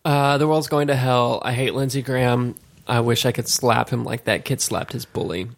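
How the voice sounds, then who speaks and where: A man's voice: mid-range voice, fairly even intonation, moderate pace, gravelly, faint music behind. A man co-hosting a casual podcast chat, rambling with many restarts and laughing easily. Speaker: podcast co-host.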